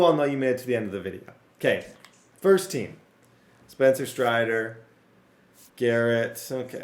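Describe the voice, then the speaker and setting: Excitable gaming streamer, strained voice. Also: male voice, fairly high pitch, roomy sound. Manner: excitable, talks to viewers, rattles off player names. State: voice strained and cracking. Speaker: gaming YouTuber. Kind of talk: casual gameplay commentary.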